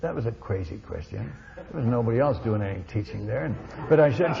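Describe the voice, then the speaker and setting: A man's voice: mid-range voice, brisk, vocal fry, a crowd in the background. Guy preacher telling a missionary story, keeps restarting lines, kind of muffled recording. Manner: animated storytelling with many restarts. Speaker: missionary speaker. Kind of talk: sermon testimony storytelling.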